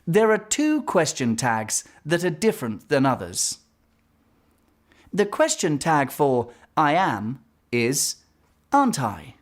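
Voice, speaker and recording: Woman teacher explaining grammar, slow and clear, lots of pitch movement. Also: sing-song, darkish tone. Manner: clear, explaining, reads examples aloud. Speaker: English teacher. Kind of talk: grammar lesson narration.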